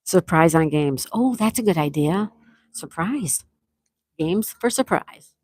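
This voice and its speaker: A woman's voice: lowish voice, expressive, slow pace, a little mellow, dry recording, studio quality. A woman with a Buffalo, New York accent hosting a casual live stream, chatting and reading viewers' comments aloud before answering them. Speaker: livestream host.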